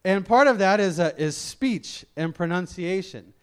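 A middle-aged man from Memphis gives a sermon in a loose, chatty way, often restarting his sentences and poking fun at himself. His voice is smooth and resonant and sits a little high for a man. He carries no regional accent. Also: animated, a little slow. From Memphis, Tennessee. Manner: conversational, self-deprecating, with frequent restarts. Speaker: lay preacher.

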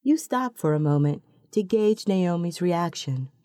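Slow, mellow-voiced woman narrator. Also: lowish voice, animated, no echo, clean studio sound. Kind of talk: second-person story narration.

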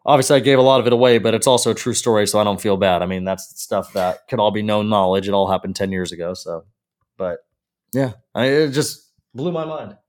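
A man co-hosting a casual chat, trading quick jokes. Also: fairly low pitch, a little mellow. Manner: joking, quick quips. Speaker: co-host.

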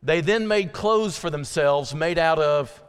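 High-voiced preacher in a reverberant hall. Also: male voice, measured pace, clean tone. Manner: animated preaching with dramatic drops to quiet, earnest lines. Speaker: pastor. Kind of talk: sermon. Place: church sanctuary. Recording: church hall with long reverb.

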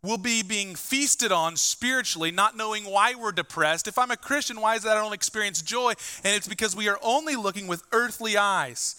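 A man preaching a sermon as pastor, emphatic, rising to loud bursts and dropping low, with conversational asides. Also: moderate pace, few pauses, clean tone.

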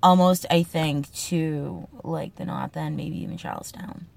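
Brash, slow-talking Boston woman. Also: deep voice, wildly swooping pitch, creaky, a little mellow. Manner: brash and profane, jokey, tough-talking. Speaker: podcast host. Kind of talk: casual comedic monologue.

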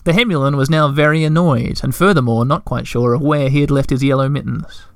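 A man reading a children's story aloud, with relaxed, chatty asides in between. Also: mid-range voice, fairly quick, no room sound, clean studio sound. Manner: relaxed, chatty, self-deprecating.

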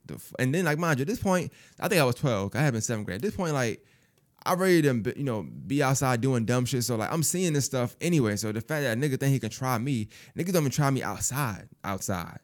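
Animated man telling a story. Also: mid-range voice. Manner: animated, profane, acts out quoted voices. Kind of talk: casual spoken storytelling.

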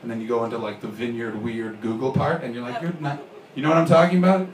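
A man from Canada performing a stand-up comedy set, telling a story and acting out the people in it with sudden shouted lines. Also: medium pitch, steady tone, fast, a crowd in the background. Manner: storytelling, acts out characters with shouted bits. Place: comedy club stage with audience. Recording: roomy live club sound from far off.

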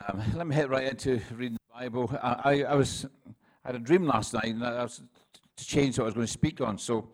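A Scottish man in his sixties, a pastor preaching a relaxed sermon full of jokes, stories and quick restarts. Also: medium pitch. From Scotland. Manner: chatty, self-deprecating, with frequent laughs and restarts. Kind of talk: sermon with humorous anecdotes.

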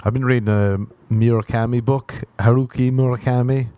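A man's voice: medium pitch, fairly even intonation, normal speed, warm tone, dry recording. A young Irish man hosting a comedic solo monologue, rambling and sardonic with plenty of swearing. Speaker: podcast host.

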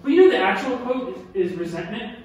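High-voiced preacher in an echoey hall. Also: male voice, fairly quick, muffled recording. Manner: animated, emphatic, repeats key lines, asks the audience questions. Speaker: pastor. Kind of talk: sermon. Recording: echoey hall from far off with faint noise.

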